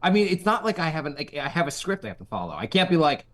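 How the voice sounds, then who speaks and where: A man's voice: a little high, quick pace. A middle-aged man hosting a casual comedy podcast, telling stories and acting out the voices of people he quotes. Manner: animated, acts out quoted voices. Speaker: podcast host.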